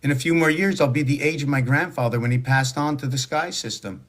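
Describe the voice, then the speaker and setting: A man's voice: medium pitch, a little fast, fairly bright tone. A man in his sixties giving a rambling, preachy spoken monologue full of rhetorical questions. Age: 60s. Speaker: social media monologuist.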